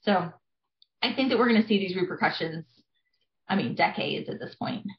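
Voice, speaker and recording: In a conversational interview, a woman in her thirties who works as a family therapist gives earnest explanations peppered with fillers. She speaks at normal speed with a voice on the low side, captured in echoey, dull lo-fi sound.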